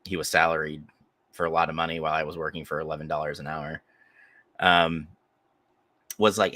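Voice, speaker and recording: Deep-voiced, profane storytelling podcaster. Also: male voice, fairly quick, pauses often, no echo. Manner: rambling, profane, animated. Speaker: podcast co-host. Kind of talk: casual storytelling chat.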